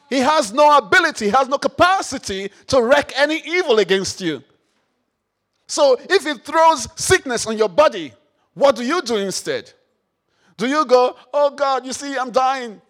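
A man preaching a sermon, repeating phrases, firing questions at the congregation and rising to shouts. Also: extremely high pitch, big pitch swings, moderate pace. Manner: call-and-response, repeats phrases, rises to shouts; rhetorical questions to the audience.

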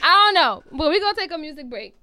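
A woman's voice: high-pitched, sing-song, fast, pushed and bright. A woman with a New Orleans accent hosting a call-in radio show, laughing often and playful. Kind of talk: casual call-in radio chat.

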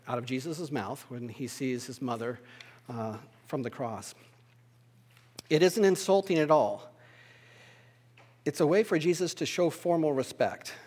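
Husky man explaining scripture, reverberant. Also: mid-range voice, darkish tone. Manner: measured, thoughtful explanation with occasional fillers. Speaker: Bible teacher. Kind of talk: explanatory Bible study lecture.

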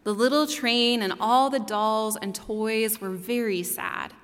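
Unhurried woman preacher telling a story. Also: on the high side, clear, resonant tone. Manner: expressive, playful asides. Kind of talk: sermon storytelling. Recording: long hall reverb.

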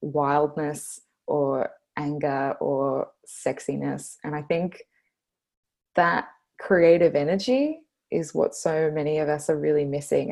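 A woman in her twenties with an Australian accent, a guest talking casually on a podcast, earnest and quick to laugh. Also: low voice, vocal fry, dark tone. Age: 20s. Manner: earnest, laughs often, speaks slowly when stressing a point.

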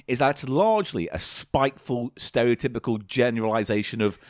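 A man's voice: medium pitch, brisk, dry recording, studio quality. A man co-hosting a podcast, blunt and sweary, arguing his opinions in casual banter. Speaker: podcast co-host.

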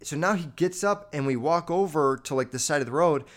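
A man tells a story in a casual monologue, speaking straight to his listeners, swearing freely and saying "like" constantly. He's animated and rambling, with a voice on the high side and a brisk pace.

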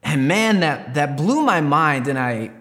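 A man's voice: on the high side, animated, a little slow, a bit bright, big-room sound. A man giving a candid personal testimony, rambling and restarting as he recounts events. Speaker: Christian storyteller.

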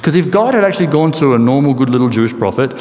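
Guy preaching, lively storyteller, lots of rhetorical questions, big echoey hall w/ long reverb. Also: mid-range voice, rapid-fire. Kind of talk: sermon.

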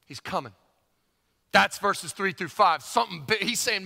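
A man preaching a sermon, emphatic and animated, repeating phrases for emphasis. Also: high voice, moderate pace, gravelly. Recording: long hall reverb.

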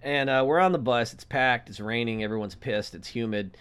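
A man co-hosting a podcast, telling a story in casual chat and acting out the characters' lines with lively voices. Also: mid-range voice, fairly quick, smooth. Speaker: podcast co-host.

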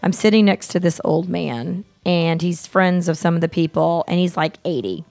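A middle-aged woman hosting a podcast, telling stories in a blunt, animated way, swearing freely and acting out the people she quotes. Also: fairly low pitch, normal speed. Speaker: podcast host. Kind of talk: casual storytelling chat.

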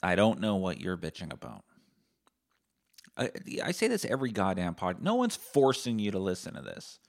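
A man in his thirties hosting a casual solo podcast, sardonic and profane, swinging into loud mock-angry rants. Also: low voice, huge pitch swings, normal speed, gravelly. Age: 30s. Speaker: podcast host.

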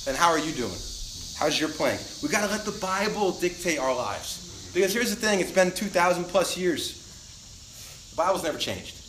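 A young adult man preaching a sermon as a pastor, animated and acting out the voices of people he quotes. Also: sits high, normal speed, a little hiss or hum. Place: church sanctuary. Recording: roomy church recording.

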